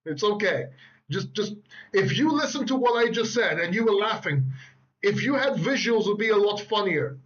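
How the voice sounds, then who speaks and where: A man's voice: sits high, expressive, normal speed, a bit bright, dull audio. A man hosting a crypto channel, giving rambling, boastful market commentary with joking asides from a beach house. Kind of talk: casual market commentary over charts. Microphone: laptop microphone.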